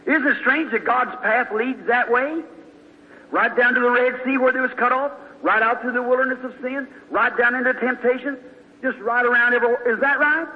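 A man's voice: very high voice, a little hiss or hum. A man, preaching in a folksy storytelling way with fervent bursts. The sound is dull, and his voice rings in a large hall. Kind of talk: sermon.

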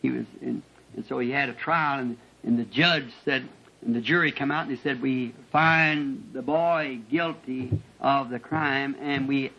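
A man preaching a sermon as a personal testimony, turning emotional and shooting into high-pitched bursts as he tells his story, recorded at a church meeting. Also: steady tone, a little slow, creaky, breathy edge. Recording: dull lo-fi archival tape.

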